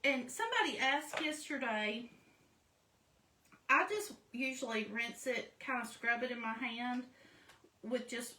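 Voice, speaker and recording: A craft vlogger with a slightly high, bright, forceful voice talks casually through a craft project step by step, teasing herself as she goes. She speaks unhurriedly with long pauses. The echoey room leaves her a bit off-mic and distant, with some faint hiss or hum.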